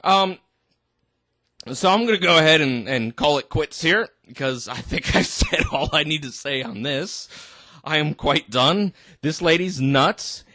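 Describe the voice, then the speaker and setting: A man's voice: a little high, animated, sharp tone, no room sound. A tipsy man ranting indignantly to camera, exasperated and stumbling over his words. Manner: indignant, exasperated, halting restarts. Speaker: vlogger. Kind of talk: ranting commentary.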